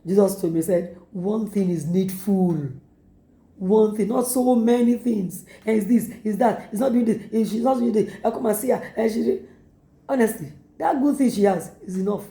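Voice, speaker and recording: A woman's voice: fairly high pitch, a little fast, dark tone, reverberant. A woman pastor with a Nigerian English accent preaching a sermon, urging her listeners again and again and acting out quoted lines. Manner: repetitive exhortation with acted quotes.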